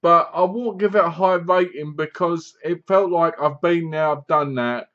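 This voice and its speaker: A man's voice: on the high side, normal speed, a bit bright, dull audio. A man giving a casual, rambling spoken review of a horror film, often restarting his sentences. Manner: rambling, loose, many restarts. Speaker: movie reviewer.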